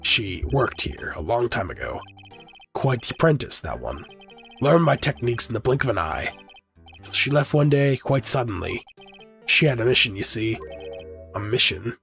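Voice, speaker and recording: A man voicing a pompous older male lawyer who dodges questions, clearing his throat and drawing out his words. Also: medium pitch, big pitch swings, fairly bright tone, soft background music. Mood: reminiscing. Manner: blustery, clears throat, drawn-out pauses.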